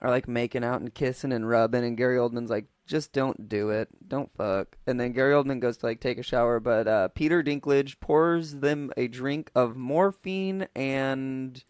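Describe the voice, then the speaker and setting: A man's voice: medium pitch, moderate pace, hardly any pauses, clean tone, no room sound. Easygoing male podcast host, dry sound. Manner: retells scenes with lots of "like" and mock quotes. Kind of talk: casual movie-review banter.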